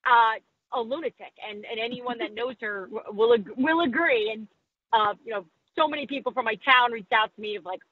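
Frank and ready to laugh at herself, this woman sports reporter does put-on voices when quoting others during a podcast interview. She speaks fairly quickly in a slightly rough voice on the high side, and the audio is tinny and narrow with no room sound.

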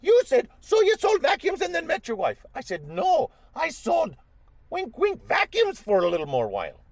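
A cocky, dysfunctional little leprechaun squeaks along at a very high pitch. His voice bounces up and down, and he tags nearly every line with the name of his interviewer. He sounds evasive and pleased with himself. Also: wildly swooping pitch, moderate pace, exaggerated voice. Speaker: interview guest.

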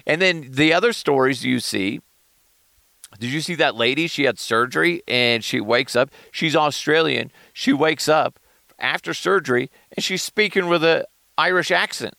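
Male solo podcaster, gravelly and animated, dry close sound. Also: a little high, moderate pace, no echo. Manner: animated, profane, jumps between shouting and mumbling. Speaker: podcast host. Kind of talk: casual solo commentary.

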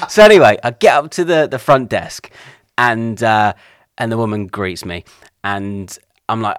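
A man's voice: on the low side, normal speed, no room sound, clean studio sound. A man, co-hosting a podcast and telling a long rambling story, acting out other people's lines. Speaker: podcast co-host. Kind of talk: casual chat.

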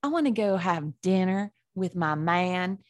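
A woman's voice: fairly low pitch, animated, a little slow, pitched below the performer's own voice. A woman voicing a brash Southern cowgirl in a thick, exaggerated put-on Southern accent, drawling and bossy. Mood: dreamy. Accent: thick put-on Southern American.

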